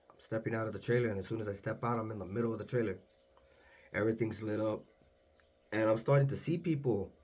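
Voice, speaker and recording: A young man recounts a strange dream in a hushed, low-key voice. His voice sits low and sounds husky, and he slips into quoted dialogue as he goes. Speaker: storyteller. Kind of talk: casual dream storytelling.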